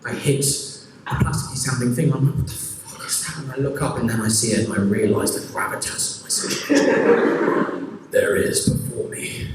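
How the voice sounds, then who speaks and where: A young man performing stand-up, telling a rambling, self-mocking story full of restarts, recorded in a comedy venue. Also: medium pitch. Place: comedy venue with a laughing audience. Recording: roomy hall audio from far off, loud audience noise.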